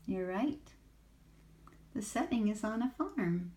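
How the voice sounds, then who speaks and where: An older woman reads a picture book aloud to a child, gentle and inviting. She takes each line very slowly and stops to ask the listener questions. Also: mid-range voice, expressive. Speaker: storyteller.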